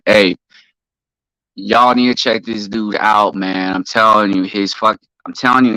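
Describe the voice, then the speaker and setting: Profane, bright-voiced man ranting on stream. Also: low voice, dry recording, rough recording. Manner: profane, heated ranting, shouts out chat viewers. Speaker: live stream host. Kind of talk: casual ranting live stream.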